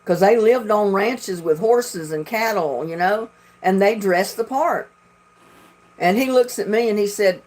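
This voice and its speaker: A woman's voice: medium pitch, unhurried, a little mellow. A woman from North Carolina with a Southern accent, chatting casually and telling rambling stories as she hosts a livestream. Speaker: livestream host.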